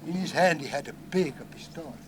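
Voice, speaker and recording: Onstage at a live reunion, a man with a fairly high, brisk voice close to his everyday one plays a bragging farmer in a comic storytelling skit, speaking mock Spanish-flavored broken English and tagging lines with "eh?" The hall recording is noisy.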